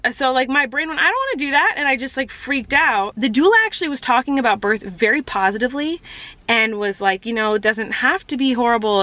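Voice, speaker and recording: A woman's voice: on the high side, pushed and bright, no room sound. A young pregnant woman vlogging candidly about her fears, rambling with lots of "like". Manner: candid, rambling, says "like" a lot. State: expecting a baby. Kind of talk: confessional vlog.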